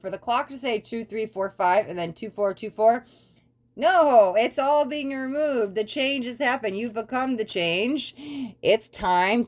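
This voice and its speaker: A woman giving a casual spoken tarot reading, rambling through repeated lists and breaking off for apologetic asides. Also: medium pitch. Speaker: tarot reader.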